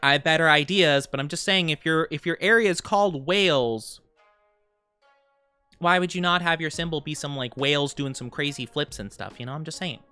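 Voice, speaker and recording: A woman VTuber casually chatting with her live-stream viewers, playful and quick to laugh. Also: sits low, clean tone, no room sound, faint music behind. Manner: playful, giggly, animated.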